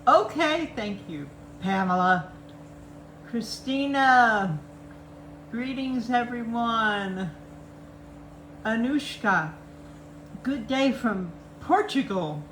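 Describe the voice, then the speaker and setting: A woman's voice: fairly high pitch, expressive, very slow, pauses often, fairly bright tone. A woman hosting a casual live chat, greeting viewers by name and laughing often. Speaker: livestream host. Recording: echoey room, faint background noise.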